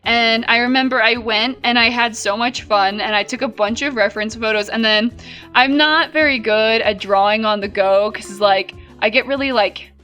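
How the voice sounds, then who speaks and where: A woman's voice: fairly high pitch, steady tone, normal speed, sharp tone, soft background music. A young woman in her twenties chatting casually and rambling as she shows her old sketchbook, with lots of fillers. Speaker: vlogger. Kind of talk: casual chat.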